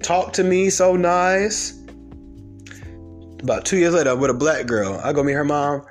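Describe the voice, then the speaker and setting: A man telling stories and ranting in a blunt, profane, fast-talking way. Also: on the high side, soft background music. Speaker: storyteller. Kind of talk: comedic storytelling rant.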